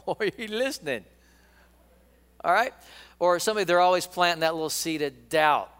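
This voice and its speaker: A middle-aged male pastor preaches in a high, smooth, resonant voice. His delivery is folksy and full of jokes, and he calls the congregation to repeat lines after him. Long reverb from the church hall trails each phrase. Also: normal speed, fairly bright tone. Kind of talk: sermon.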